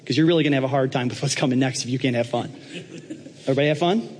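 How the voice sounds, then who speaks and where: A man's voice: medium pitch, racing, darkish tone, in a large hall, slight background noise. A man preaching a sermon in a church, joking and asking the congregation questions. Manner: joking, conversational, asks the audience questions. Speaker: pastor.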